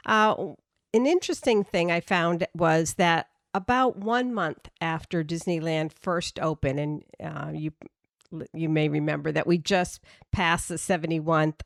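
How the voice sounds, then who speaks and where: A woman's voice: fairly low pitch, lively intonation, unhurried, no echo, clean studio sound. A woman with a slight Boston accent, co-hosting a podcast and chatting through her research with plenty of fillers and restarts. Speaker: podcast co-host presenting research. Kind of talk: casual podcast chat.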